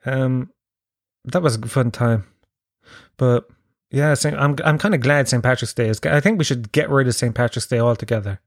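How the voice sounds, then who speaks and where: A man's voice: medium pitch, moderate pace, dry recording, clean studio sound. An Irish man in his thirties hosting a podcast, telling rambling, sweary, self-mocking stories. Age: 30s. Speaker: podcast host. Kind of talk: casual comic storytelling monologue.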